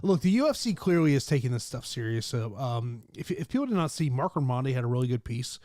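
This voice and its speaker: A man's voice: medium pitch, sing-song, fast talker, a little mellow, dry recording, clean studio sound. A man hosting a casual fight betting talk show, speaking conversationally with many fillers. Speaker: host and MMA analyst. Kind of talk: casual sports betting chat.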